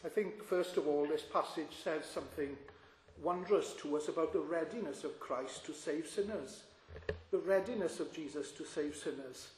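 Guy preaching in a church, high voice, earnest and measured, lots of echo. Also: a little mellow, slight background noise. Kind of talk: sermon. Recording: echoey hall.

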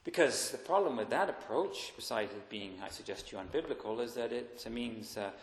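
A man preaching a sermon to his congregation in an earnest way, swelling for emphasis and then dropping to quiet asides. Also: mid-range voice, animated, brisk. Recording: echoey hall, roomy reverb.

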